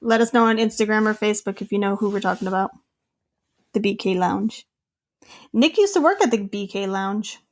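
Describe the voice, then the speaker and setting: A woman co-hosting a podcast, telling a story in casual chat, giggly and animated, full of "like" and "um". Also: mid-range voice, a little fast. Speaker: podcast co-host.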